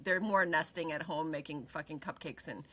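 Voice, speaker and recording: A woman in her forties, a podcast co-host, telling a personal story in casual chat, animated, laughing often and swearing freely. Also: sits low, moderate pace.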